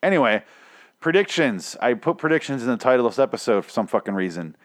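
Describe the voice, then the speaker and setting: A man hosting a casual show, rambling and swearing with exasperation, his voice hoarse and nearly shot. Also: mid-range voice, big pitch swings, quick pace. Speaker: podcast host. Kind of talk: casual rant about a TV show.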